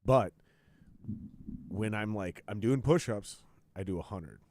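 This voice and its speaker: Low-voiced, swearing podcast host. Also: male voice, takes it slowly, noisy background. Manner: profane, ranting storyteller, quotes others in raised voice. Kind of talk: casual chat.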